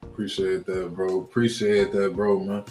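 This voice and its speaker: A man's voice: low-pitched, flat delivery, normal speed, darkish tone, faint music behind. A male co-host talking in a laid-back way, calling the guest bro. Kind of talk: casual interview talk. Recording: roomy echo.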